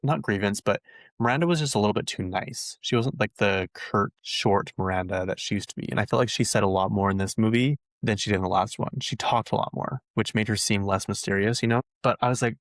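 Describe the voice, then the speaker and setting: A man chatting casually as a vlog host, gushing and excitable with lots of fillers. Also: fairly low pitch, a little fast, dry recording. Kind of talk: casual chat. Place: lives in Utah.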